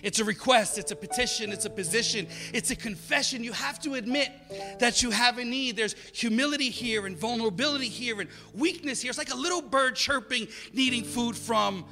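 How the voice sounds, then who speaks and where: A man with a high, bright voice preaches a sermon, moving from soft, quiet passages to loud, emphatic calls. His voice rings with a long hall reverb, and faint music plays behind him. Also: a little fast. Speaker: pastor.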